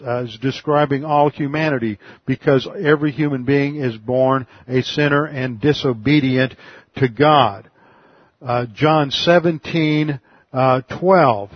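Guy teaching bible study, slow explaining, lots of uh's and restarts, dry close sound. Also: medium pitch, husky, no room sound, dull audio. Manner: unhurried, explanatory, frequent restarts and fillers.

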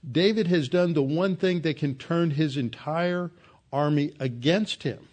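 A man's voice: fairly high pitch, unhurried, a little mellow. Earnest man preaching a Bible sermon. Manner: emphatic, earnest teaching.

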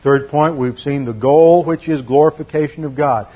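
Male pastor, expository sermon, husky tone, dull lo-fi recording, methodical point-by-point teaching. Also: a little high, moderate pace. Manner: methodical teaching, numbered points, steady emphasis.

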